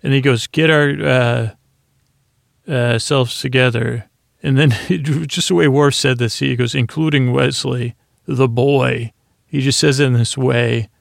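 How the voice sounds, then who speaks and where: A man hosting a podcast, softly recapping a TV episode at bedtime in a meandering way that is full of restarts. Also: fairly even intonation, a little slow, gravelly, no echo, studio quality. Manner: soft, low-key delivery. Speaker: podcast host.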